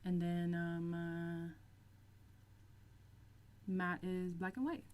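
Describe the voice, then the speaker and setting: A young woman hosting a casual livestream, chatting and reading out viewer comments, laughing often and stretching out some phrases slowly. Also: lowish voice, monotone, a little mellow, a little hiss or hum. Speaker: livestream host reacting to reality TV.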